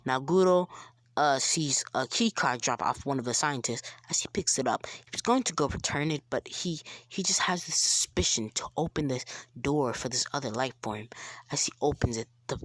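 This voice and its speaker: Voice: medium pitch, lively intonation, normal speed, fairly bright tone, no echo, clean studio sound. A young fan storyteller narrating a made-up crossover tale in a rambling, casual way with many fillers and brief whispered asides. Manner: rambling, filler-heavy, restarts, drops into whispers.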